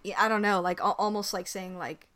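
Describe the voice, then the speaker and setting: Woman, casual film chat, mid pitch, hedging and tentative. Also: steady tone, a little fast, sharp tone. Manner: tentative, hedging with "like" and "I don't know".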